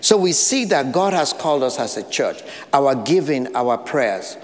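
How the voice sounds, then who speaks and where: A man's voice: mid-range voice, sing-song, unhurried, in a large hall. A man with an African accent, preaching a sermon as pastor, earnest, with short repeated phrases and light asides. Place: church sanctuary.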